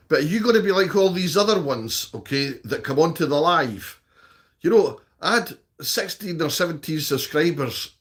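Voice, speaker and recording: A man's voice: on the high side, fairly bright tone. A Scottish man chatting casually on a live stream, reading out viewer comments and answering them. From Scotland.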